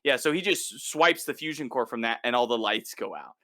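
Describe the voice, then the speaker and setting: A brisk podcast co-host with a mid-range voice recaps an episode in an easygoing, animated fashion, voicing the characters' lines himself. The audio is studio quality with no room sound.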